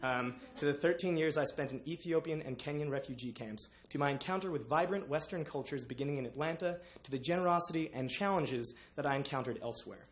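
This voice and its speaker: A young man presenting a book to his class, halting with many uhs. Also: fairly high pitch, slight background noise. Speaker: student presenter.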